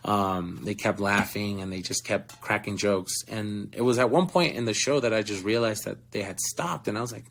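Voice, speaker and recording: A man's voice: lowish voice, normal speed, gravelly, few pauses, a little hiss or hum. A young man in his twenties, a touring actor, telling earnest stories in a casual interview, with many fillers and frequent laughs.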